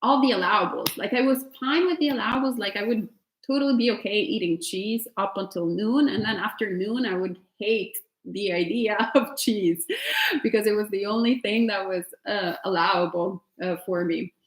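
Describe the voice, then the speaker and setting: A woman's voice: mid-range voice, normal speed. A woman with an Italian accent, a meditation teacher answering retreat questions in a chatty way with lots of fillers and laughter. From Italy. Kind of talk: casual Q&A at an online retreat. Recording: roomy echo.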